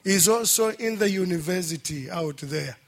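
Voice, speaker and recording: A middle-aged man giving an emotional testimony at a church service, halting and fervent, breaking into praise. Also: high-pitched.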